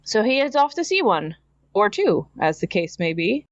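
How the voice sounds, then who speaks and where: A woman's voice: medium pitch, sing-song, normal speed, no room sound, highs cut off. Canadian woman hosting a podcast, laughs a lot, does little character voices, dry close sound. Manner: chatty, laughs often, mimics characters when quoting. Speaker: podcast host. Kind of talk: casual episode recap.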